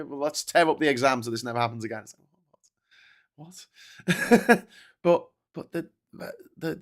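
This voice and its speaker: A man with a posh Scouse accent hosting a live political stream, talking casually with lots of swearing and restarts while he reads out and answers chat messages. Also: medium pitch. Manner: rambling, sweary, stop-start with many restarts. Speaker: political livestream host.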